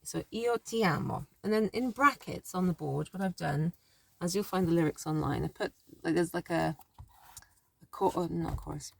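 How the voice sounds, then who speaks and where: A woman's voice: lowish voice, normal speed, vocal fry, darkish tone. Chatty woman explaining at a whiteboard. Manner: chatty, self-correcting, thinks aloud. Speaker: language teacher. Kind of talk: casual spoken lesson.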